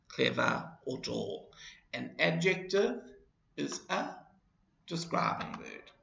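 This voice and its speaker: Slow, gravelly man teaching grammar. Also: a little high, bright, forceful tone. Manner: slow, deliberate explanation with repeated examples. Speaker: English teacher. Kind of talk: grammar lesson. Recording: dull, roomy lesson recording.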